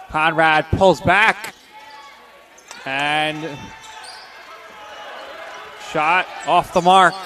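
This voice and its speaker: A man calling live basketball play-by-play, reeling off passes and shots in quick calls and getting louder on the big scores. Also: fairly high pitch. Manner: rapid-fire calls, bursts of excitement on scores. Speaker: play-by-play announcer.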